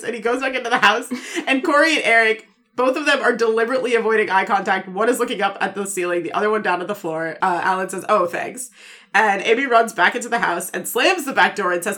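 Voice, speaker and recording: A woman co-hosting a podcast, recapping scenes in lively storytelling and acting out the quoted lines. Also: medium pitch, fast talker. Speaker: podcast co-host.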